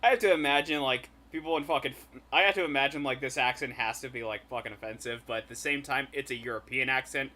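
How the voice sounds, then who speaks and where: A man's voice: mid-range voice, quick pace, bright, forceful tone, slight background noise. Blunt swearing male co-streamer. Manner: blunt, swearing, filler-heavy. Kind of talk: casual livestream chat.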